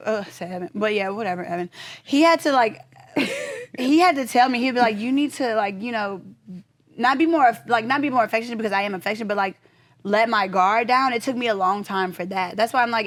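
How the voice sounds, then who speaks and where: A woman's voice: mid-range voice, lively intonation, quick pace. A young woman co-hosting a podcast in casual, joking chat, often laughing and slipping into playful impressions. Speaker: podcast co-host.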